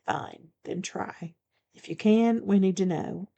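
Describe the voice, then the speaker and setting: A woman's voice: mid-range voice, slow, vocal fry, mellow. A woman reading the part of a blunt, commanding male shifter bodyguard in an audiobook, speaking firmly and matter-of-factly.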